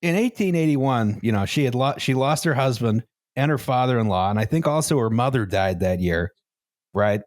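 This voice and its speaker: A man co-hosting a podcast, telling a history story in casual chat, often laughing and pausing on fillers. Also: mid-range voice, expressive, no room sound, studio quality. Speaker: podcast co-host.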